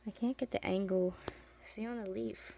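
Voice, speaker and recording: A woman chatting casually in a home basement as she shows her pet tarantulas. She rambles, trails off mid-sentence and coos softly at her animals. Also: mid-range voice, fairly even intonation, normal speed, creaky. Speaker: pet keeper showing her tarantulas and fish. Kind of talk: casual vlog chat.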